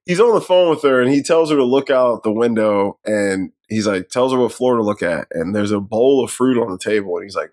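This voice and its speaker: A man's voice: mid-range voice, expressive, a little fast, hardly any pauses, a little mellow, dry recording. A man co-hosting a podcast, casually and profanely retelling movie scenes and acting out the characters' lines. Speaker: podcast co-host. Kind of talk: casual film review chat.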